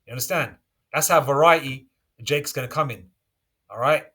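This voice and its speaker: A man preaching and reading scripture aloud, constantly checking in with his listeners and stressing points with sudden loud bursts. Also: mid-range voice, moderate pace. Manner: checks in with listeners constantly, asking "okay?" and "all right?". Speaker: religious teacher.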